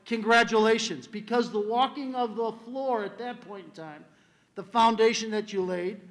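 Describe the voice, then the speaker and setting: A man's voice: sits high, a bit bright. Older man giving a hall speech. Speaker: school administrator giving a speech. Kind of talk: ceremony speech.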